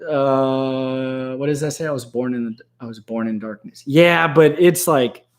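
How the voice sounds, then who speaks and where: A man's voice: mid-range voice, fairly even intonation, a little slow. A man hosting a casual aquarium live stream, rambling and laughing a lot, sometimes slipping into goofy voices.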